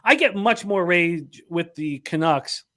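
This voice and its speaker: Male betting-show host with a high voice: frustrated, profane, rambling read of lines and stats. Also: lively intonation, unhurried, fairly bright tone. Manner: swears a lot, frustrated, rambling. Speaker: sports betting podcast host. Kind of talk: casual sports betting talk.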